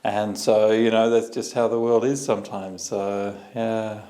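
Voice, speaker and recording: Gentle man answering on a video call. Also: lowish voice, little pitch movement. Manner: gentle, reassuring, halting with restarts. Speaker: meditation teacher. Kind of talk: online Q&A answering questions.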